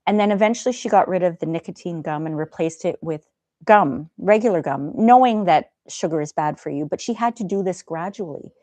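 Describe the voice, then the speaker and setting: A gentle, chatty middle-aged woman hosting a live stream, talking to viewers and laughing now and then. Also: fairly low pitch, fairly quick, no room sound. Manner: gentle, chatty, laughs often, soft asides. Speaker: live stream host reading chat. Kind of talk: casual live stream chat.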